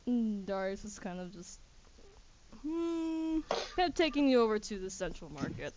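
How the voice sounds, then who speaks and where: A woman's voice: mid-range voice, very animated, moderate pace. A woman narrating a tabletop game as game master, chatty and stammering, with a light giggle. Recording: muffled lo-fi recording with noisy hiss.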